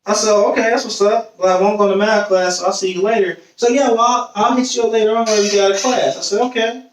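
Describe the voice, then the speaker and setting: High-pitched man telling stories in an echoey room. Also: fast. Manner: animated storyteller, acts out quoted voices. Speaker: podcast host. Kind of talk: casual storytelling chat. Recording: echoey room, distant mic.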